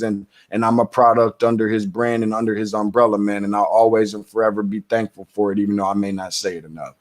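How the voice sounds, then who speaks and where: Male sports radio co-host, grateful and effusive, restarts often, mid-pitched voice. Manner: effusive, thankful, halting restarts. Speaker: basketball co-host. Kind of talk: casual sports radio talk.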